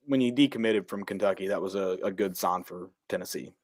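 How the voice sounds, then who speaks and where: A man's voice: sits low, brisk, no echo, clean studio sound. Rambling man talking college football. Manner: rambling, self-interrupting, flat delivery he jokes about. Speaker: podcast co-host. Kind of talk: casual sports chat.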